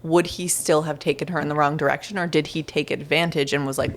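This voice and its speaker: A woman from the Boston area co-hosts a casual true crime podcast in a very low voice with a lot of gravelly fry. She reacts to the story and thinks out loud, often restarting her sentences. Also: steady tone, fast talker. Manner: reactive, musing aloud with many restarts. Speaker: podcast co-host.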